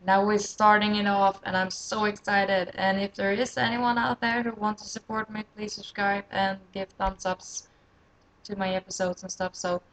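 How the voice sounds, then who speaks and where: A tired woman from Sweden, an English speaker, rambling excitedly and self-deprecatingly as she introduces her gaming channel in a casual solo vlog. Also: mid-range voice, moderate pace, low-quality recording.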